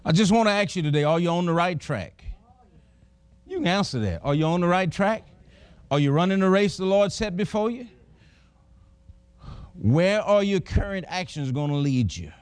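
A man's voice: sits high, animated, moderate pace, pauses often, clean tone, no echo. A middle-aged man preaching a sermon, folksy and emphatic, chuckling as he tells personal stories.

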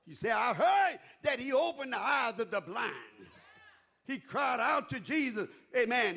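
Male preacher hollering a sermon, high and husky, voice all over the place, aave. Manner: shouting, whooping preaching with call-and-response.

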